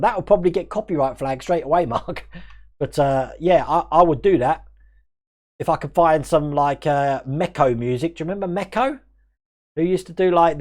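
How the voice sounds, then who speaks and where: Live stream host, male, mixed Australian-English accent, fairly high voice, chatty and quick, laughs a lot. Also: darkish tone. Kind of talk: casual live stream chat, reading viewer comments.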